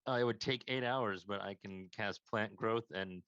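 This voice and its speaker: Low-voiced man, dry muffled mic. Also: moderate pace, a bit bright. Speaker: player. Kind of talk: tabletop role-play.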